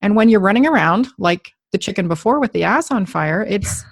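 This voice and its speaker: A woman's voice: mid-range voice, lively intonation, brisk, vocal fry, no room sound, clean studio sound. A middle-aged woman hosting a podcast, chatting casually and joking, with the odd swear word. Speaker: podcast host. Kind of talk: casual interview chat.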